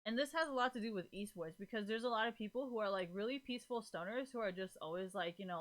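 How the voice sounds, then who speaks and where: A woman streamer chatting casually to her live audience, rambling, swearing freely and filling nearly every pause with "like". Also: mid-range voice. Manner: rambling, profane, fills every gap with "like".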